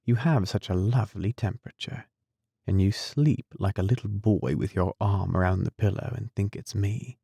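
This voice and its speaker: A man voicing a tender, devoted young nurse in an audiobook, soft and coaxing. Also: on the low side, normal speed, gravelly, husky, no room sound. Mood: teasing. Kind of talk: audiobook character reading.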